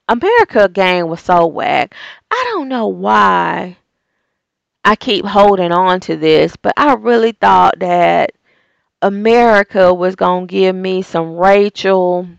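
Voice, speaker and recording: A woman's voice: mid-range voice, creaky, smooth, no room sound. A woman giving a casual, opinionated reality TV recap, sassy and exasperated, firing off rhetorical questions.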